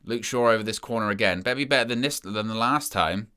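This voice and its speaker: A young man giving excitable, chatty live commentary as a fan following a football match. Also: on the low side, quick pace, clear, resonant tone. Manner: excitable, chatty play-by-play with asides.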